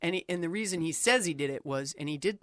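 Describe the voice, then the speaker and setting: A middle-aged woman sportswriter, an animated storyteller, talking casually as an interview guest. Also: on the low side. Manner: animated storyteller, quick and talkative.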